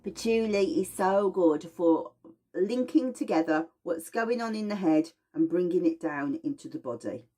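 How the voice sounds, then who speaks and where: A woman's voice: lowish voice, unhurried. Chatty woman teaching aromatherapy. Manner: chatty, animated, with playful put-on voices. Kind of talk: casual demonstration talk.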